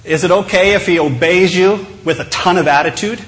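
A man's voice: high voice, brisk, fairly bright tone. A male pastor giving a sermon in a conversational, humorous storytelling way.

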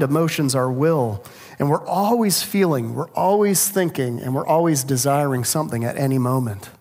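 A middle-aged male pastor delivers a sermon with a voice pitched a little above the usual. He tells stories in an animated way and keeps asking the listeners rhetorical questions.

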